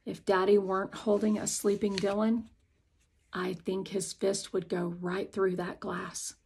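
Woman, audiobook narrator, first-person storytelling, young girl's view, mid pitch, slow pace. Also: level tone, vocal fry, darkish tone, a little hiss or hum. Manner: unhurried, as a young girl telling her story.

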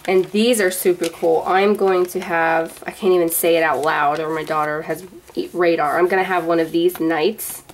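A woman's voice: on the low side, fairly even intonation, normal speed, slight background noise, low-quality recording. Chatty woman gushing over craft goodies. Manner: chatty, gushing, rambling with many fillers. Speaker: vlogger showing a gift box. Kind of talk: casual show-and-tell unboxing.

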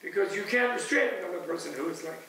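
Guy teaching buddhist stuff, lively and rambling, kinda high voice, far off in a big echoey room with some hiss. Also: fast talker. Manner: animated and digressive, chuckling, acting out voices of others. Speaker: Buddhist teacher giving a retreat's closing talk. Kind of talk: discursive spiritual lecture. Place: large echoey hall at a retreat center. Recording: echoey, distant room recording with faint hiss.

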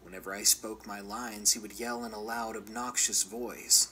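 A man reading a first-person horror story aloud as scripted narration, measured and often dropping to a whisper. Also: on the low side, sharp tone, a little hiss or hum, poor audio.

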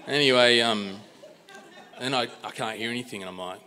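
A man with an Australian accent telling a live personal story, animated and exasperated, swearing and acting out dialogue. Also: lowish voice, fairly quick.

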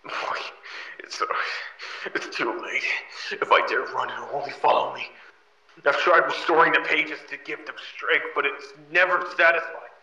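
An actor playing a haunted, paranoid older man tormented by a voice, often dropping into hushed whispers. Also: on the high side, moderate pace, highs cut off. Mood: fearful, hushed. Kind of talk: analog horror audio drama. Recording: echoey room.

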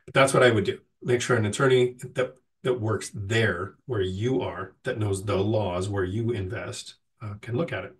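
A man's voice: lowish voice, fairly even intonation, moderate pace, hardly any pauses, recorded from a distance. A man hosting a casual livestream Q&A, slightly nasal from getting over a cold, reading viewer questions and answering them at length in a plain-spoken way.

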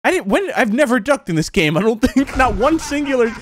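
A man with a high, bouncy voice that leaps all over the place, yelping and chattering through a horror game as he plays. He reacts fast and laughs a lot. A steady hiss of noise sits under the recording. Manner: excitable, jumpy, laughs often, quick exclamations. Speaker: gaming commentator. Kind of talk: horror game let's play commentary.

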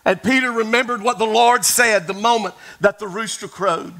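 A pastor delivers a sermon in a high, bright voice. He tells the story with drama, falling to near whispers and climbing to shouts as he speaks right to his congregation. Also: normal speed, gravelly, poor audio. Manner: dramatic storytelling, dropping to a hush and rising to shouts; addresses the congregation directly.

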